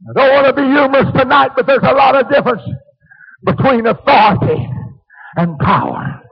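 A male preacher delivering a fervent sermon, shouting many phrases and breaking into hallelujahs. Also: very high-pitched, moderate pace, creaky, slightly rough. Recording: dull lo-fi recording.

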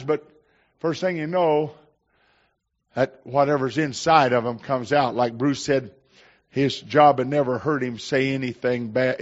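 Older man, pastor, folksy storytelling sermon, emphatic swells, slightly muffled recording. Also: medium pitch. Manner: folksy storytelling preacher, rising to emphatic declarations.

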